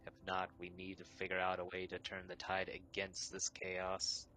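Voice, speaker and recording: A man's voice: low-pitched, monotone, moderate pace, pushed and bright, soft background music, low-quality recording. A man in a tabletop role-play game, speaking in character in a terse, matter-of-fact way. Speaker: tabletop player.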